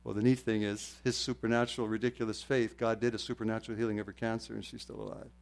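An older man preaching a sermon, moving from quiet storytelling to loud, fervent exclamations. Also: on the low side, flat delivery, fast, creaky. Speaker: pastor.

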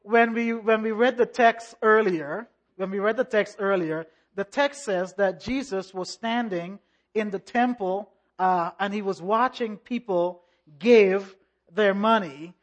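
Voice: mid-range voice, unhurried. Emphatic preacher leading a sermon. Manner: call-and-response, rhythmic repetition. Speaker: pastor.

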